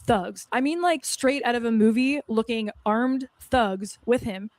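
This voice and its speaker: A woman speaking a little higher than most, telling a personal story with a snarky edge and plenty of "like" fillers. The sound is dry and close, with no room around her voice. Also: measured pace, a little mellow, no room sound. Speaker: storyteller recounting an incident. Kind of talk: confessional video monologue.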